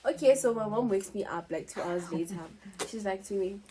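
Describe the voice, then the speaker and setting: A woman's voice: mid-range voice, normal speed. Teen girl vlogger, casual storytime delivery, slips into quoted voices, faint hiss behind. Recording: faint background noise.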